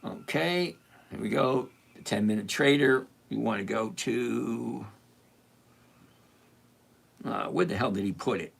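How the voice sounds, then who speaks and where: A middle-aged livestream host in casual commentary who teases a viewer sarcastically, repeats points slowly and mutters while hunting around the screen. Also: medium pitch, vocal fry. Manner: teasing, sarcastic, talks straight to a viewer.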